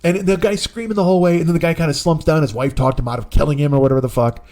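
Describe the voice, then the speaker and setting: A man in his forties tells a rambling, profane comic story on his own podcast. His voice sits a little high and jumps around as he gets worked up. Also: fairly even intonation, rapid-fire, a little mellow. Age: 40s. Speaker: podcast host, comedian.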